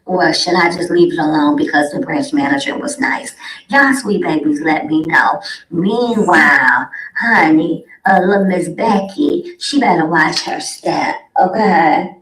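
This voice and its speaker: A woman's voice: a little slow, a bit bright. Sassy woman telling a story, roomy sound. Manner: sassy, dramatic, addresses listeners as honey and sweet babies; acts out both sides of a dialogue with big pitch swings. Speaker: podcast host. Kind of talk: animated storytelling. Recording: roomy echo.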